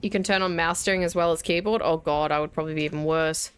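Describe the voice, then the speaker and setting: A woman's voice: low voice, steady tone, quick pace, fairly bright tone, clean tone. An Australian woman in her thirties giving casual, wry gameplay commentary and talking herself through each step. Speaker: gaming video host. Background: faint game music and keyboard typing.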